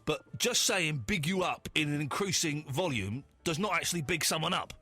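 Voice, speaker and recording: A man's voice: on the high side, animated, moderate pace, sharp tone, faint music behind. A male radio host in a put-on common London accent, brash and mock-aggressive in comic phone-in banter in a studio. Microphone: studio microphone.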